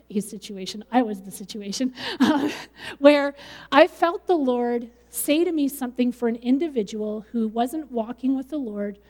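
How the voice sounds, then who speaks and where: A woman's voice: fairly high pitch, warm tone, long reverb tail. A middle-aged woman pastor preaching a sermon in a conversational way, with light laughs.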